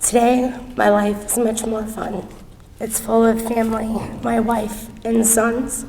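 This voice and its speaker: Slow, gravelly woman reading poetry. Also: fairly high pitch, level tone, dark tone, slight background noise. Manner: slow, earnest delivery. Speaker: student poet. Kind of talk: spoken-word poetry reading. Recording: distant mic in a reverberant hall.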